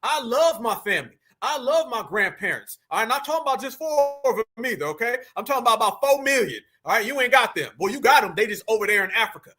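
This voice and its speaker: A man's voice: extremely high pitch, animated, fast, hardly any pauses. A man hosting a casual livestream, reacting to a clip and teasing his audience in a mocking, joking way. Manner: mocking, teasing, addresses chat directly. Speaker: livestream host.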